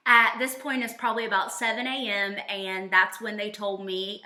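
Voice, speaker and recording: Bright-voiced young woman telling a story. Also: moderate pace, reverberant. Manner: animated, voices quotes with big jumps in pitch. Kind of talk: casual storytelling.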